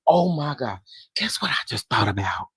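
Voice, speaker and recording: A man, hosting a casual commentary chat, animated and dramatic as he talks to his viewers. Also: mid-range voice, normal speed, breathy edge, dry recording, rough recording. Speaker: commentary channel host.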